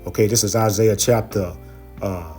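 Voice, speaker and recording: A man with a low, mellow voice preaches from scripture over faint music. He keeps dropping "okay" and "you know" between phrases. When he reads a verse, he slows down and leans in. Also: steady tone. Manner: reads verses slowly and louder. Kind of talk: scripture teaching.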